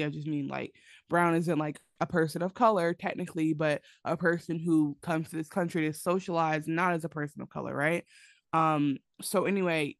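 Animated, outspoken woman co-host, low-pitched. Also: no echo, clean studio sound. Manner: animated, opinionated, swears freely. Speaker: podcast co-host. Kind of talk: casual chat.

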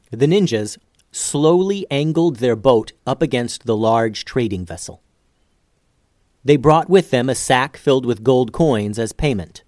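A man narrating an adventure storybook in a steady, measured way. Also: medium pitch, no room sound, studio quality.

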